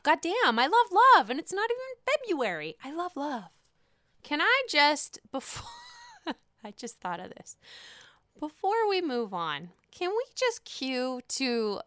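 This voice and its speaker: A woman casually recapping a reality show, animated and profane, acting out the people she talks about. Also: high voice, no room sound, studio quality. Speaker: recap podcast host.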